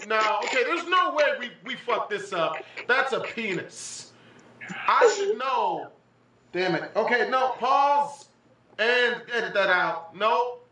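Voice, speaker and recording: A young man giving casual, profane, excitable reaction commentary on a vlog, often breaking into laughter. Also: very high voice, slow. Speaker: vlogger. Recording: echoey room, far from the mic, faint music.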